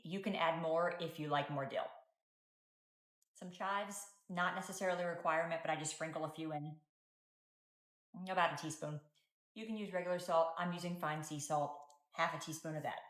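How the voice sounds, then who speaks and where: A young adult woman, a mother, giving direct and practical cooking and parenting tips to camera. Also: sits low.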